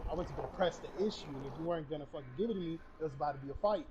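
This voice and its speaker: A man's voice: a little high, very fast, dull audio, noisy background. A young man casually telling a profane story while gaming, acting out each quote. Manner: profane, acts out every quote. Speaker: streamer. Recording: loud game gunfire behind.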